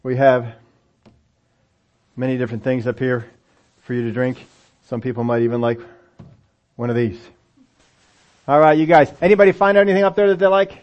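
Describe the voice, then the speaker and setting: A man's voice: mid-range voice, moderate pace, pauses often, dull audio. A man preaching a sermon in a conversational way, acting out the voices of the story's people for a congregation with children present. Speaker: pastor. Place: church sanctuary with children present.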